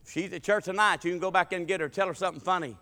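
A man's voice: high voice, steady tone, very fast, pushed and bright, long reverb tail. A man preaching a folksy sermon, telling family stories with emphatic, stammering restarts. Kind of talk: sermon with storytelling.

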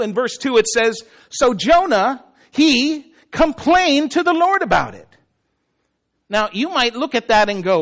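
A male pastor with a high-pitched voice preaches animatedly and conversationally, often asking his listeners questions.

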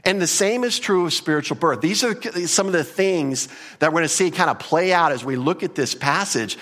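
A man's voice: on the high side, a little fast, a bit bright. A man preaching a sermon in an emphatic, conversational way, repeating key points and adding casual asides. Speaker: pastor.

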